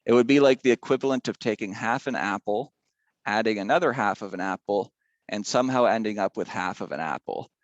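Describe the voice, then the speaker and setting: A man's voice: fairly low pitch, fairly quick, no room sound, highs cut off. A male teacher giving a casual math lesson, chatty and rambling, drifting into side stories.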